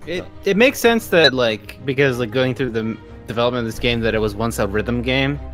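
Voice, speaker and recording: A man's voice: mid-range voice, lively intonation, a little fast, a bit bright, soft background music. Thoughtful, musing man. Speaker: podcast co-host. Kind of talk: casual podcast chat.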